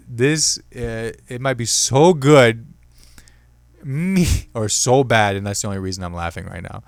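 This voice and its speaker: A man's voice: mid-range voice, a little slow, dry recording, clean studio sound. A young man hosting his own comedy podcast, rambling and joking, amused at his own bits. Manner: rambling, self-amused, jokey. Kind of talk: solo comedy podcast chat.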